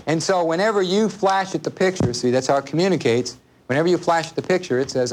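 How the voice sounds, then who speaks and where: A man's voice: fairly high pitch, expressive, quick pace, few pauses, a little mellow, slight background noise. A man teaching a live seminar to an audience in a room, speaking casually, repeating his points and asking the listeners questions. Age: adult, parent of a small child. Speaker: workshop instructor.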